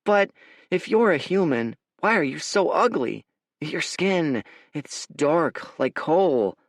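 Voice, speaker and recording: A man voicing a frightened, hostile young village boy who shouts accusations. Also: lively intonation, takes it slowly, no room sound, clean studio sound, exaggerated voice. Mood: suspicious. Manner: shrill, panicky, accusing.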